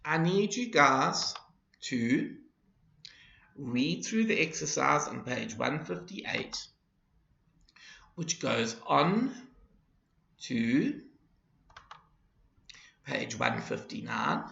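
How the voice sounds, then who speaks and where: Slow, gravelly male teacher in a roomy echo. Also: a little high, wildly swooping pitch, bright, forceful tone. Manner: deliberate, with acted example phrases. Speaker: English teacher. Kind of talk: slow classroom explanation. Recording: roomy, dull lo-fi recording.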